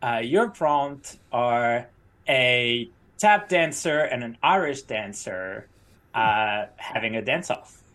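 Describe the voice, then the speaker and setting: A man's voice: mid-range voice, expressive, slow pace, fairly bright tone. A man, guest co-host on a podcast, chatting casually and playfully. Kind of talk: casual chat.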